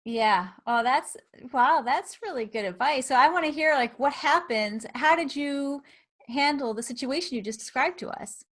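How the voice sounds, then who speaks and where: A woman's voice: high-pitched, expressive, moderate pace, fairly bright tone. A woman hosting an interview, encouraging her guest with short affirmations. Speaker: podcast host. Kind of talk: casual interview talk.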